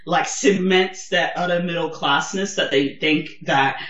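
A woman with a posh English accent, co-hosting a podcast in casual chat, animated and swearing freely. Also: fairly low pitch, unhurried, reverberant, muffled recording. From Germany. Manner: animated, swears and laughs often. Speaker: podcast co-host.

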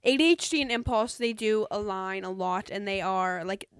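A woman's voice: mid-range voice, normal speed, clean tone, dry recording. A young woman in casual chat, talking earnestly and rambling with lots of "like"s.

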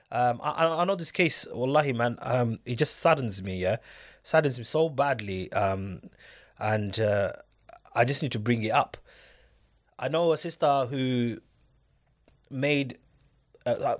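Emphatic man. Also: mid-range voice. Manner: emphatic, keeps asking "do you get it?". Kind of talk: casual discussion.

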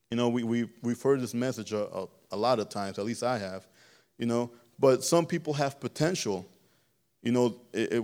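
Man preaching a casual sermon. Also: mid-range voice. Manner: conversational, repeats words and restarts, swells louder on key phrases.

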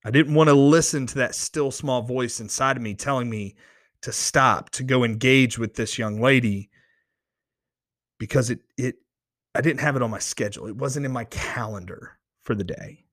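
A man shares a personal faith story, earnest and easily excited, tripping over his words and restarting lines as he gets worked up. His voice sits at an ordinary middle pitch. It is recorded close on a microphone with a dry sound. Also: normal speed, dry recording. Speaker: podcast host. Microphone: close studio microphone.

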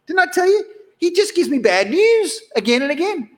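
A preacher putting on a whiny shouting king. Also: high-pitched, very animated, normal speed, long reverb tail, pitched above the performer's own voice. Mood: angry whining. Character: petulant, angry grown male king.

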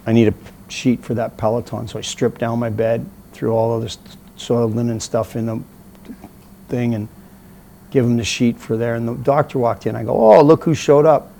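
Gravelly blunt man telling a story. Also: medium pitch, normal speed, a little hiss or hum. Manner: blunt, profane, animated anecdote teller. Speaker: interview guest. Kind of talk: casual storytelling.

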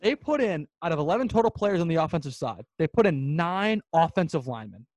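A man's voice: fairly high pitch, sing-song, fast talker, darkish tone, dry recording. A man co-hosting a sports podcast in casual chat, emphatic and ranting, repeating his points for effect. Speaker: podcast co-host.

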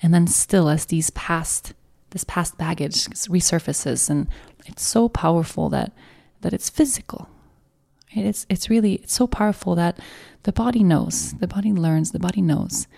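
A woman's voice: fairly low pitch, normal speed, vocal fry, warm tone. A young woman hosting a podcast, telling an emotional, confessional personal story, swearing and trailing off as she goes. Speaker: podcast host.

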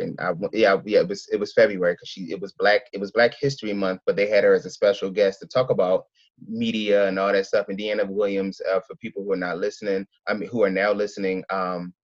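A man from Philadelphia, an event organizer, telling his story in a casual interview, rambling and excitable with many restarts. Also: low-pitched, no echo, muffled recording.

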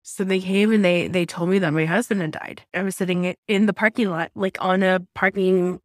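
A woman's voice: on the low side, steady tone, no room sound, clean studio sound. Candid, emotional woman in her thirties. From Southwest Florida, USA. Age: 30s. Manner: candid and emotional, halting restarts, blunt swearing. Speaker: interview guest. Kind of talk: personal storytelling in a podcast interview.

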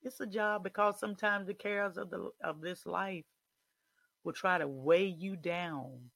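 A man preaching a sermon, building from quiet reflection to shouted declarations. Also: high-pitched, a little slow, gravelly, no room sound.

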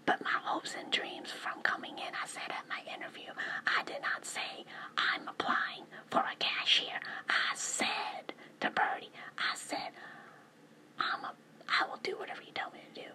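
A woman talking in a whisper, rambling from one thought to the next and asking rhetorical questions. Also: normal speed. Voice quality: mostly whispered. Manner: rambling, jumps between topics, asks rhetorical questions.

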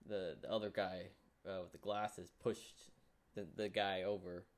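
A man vlogging a casual, rambling recap of a show, full of fillers and excited reactions. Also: sits low, measured pace. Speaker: YouTuber.

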